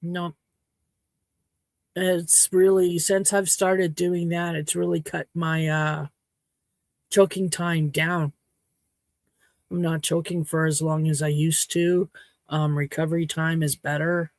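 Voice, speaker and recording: A woman from Saskatchewan hosting a casual livestream chat at home, rambling and frank, her throat a little hoarse. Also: sits low, level tone, takes it slowly, long pauses, darkish tone, no room sound. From Saskatchewan, Canada. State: slightly hoarse throat after choking. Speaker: livestream host. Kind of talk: casual chat to a live audience.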